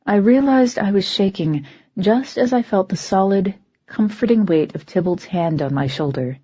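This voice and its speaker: A woman's voice: medium pitch, animated, normal speed, warm tone, slightly rough, no echo. A woman narrating an audiobook in the first person, earnest and intimate. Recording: dull lo-fi audio.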